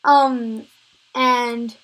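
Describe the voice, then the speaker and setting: A woman's voice: fairly high pitch, fairly even intonation, extremely slow, a bit bright, poor audio. A woman vlogger telling a story time tale, rambling with many fillers and restarts.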